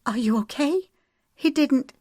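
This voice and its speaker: A woman voicing a poised, caring older sister in an audiobook, gentle but firm. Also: medium pitch, steady tone, normal speed, no room sound, clean studio sound, pitched above the performer's own voice, natural voice. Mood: concerned.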